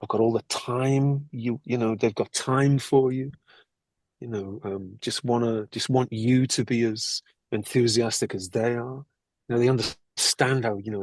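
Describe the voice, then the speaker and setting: An older man, an actor, telling lively anecdotes in an interview and acting out the people he quotes. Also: mid-range voice, no echo. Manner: animated, acts out quoted people. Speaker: actor guest.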